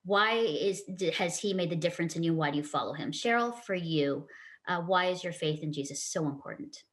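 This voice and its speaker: A woman hosts a faith-based talk show, her voice sitting a little low. She speaks earnestly and warmly affirms each guest. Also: brisk. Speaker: host.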